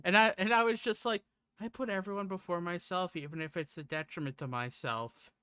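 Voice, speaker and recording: A woman streaming a visual novel, chatting casually with a giggly, self-deprecating manner and bursts of shrill put-on voices. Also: brisk, fairly bright tone, smooth, no room sound, studio quality. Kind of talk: casual gaming stream chat.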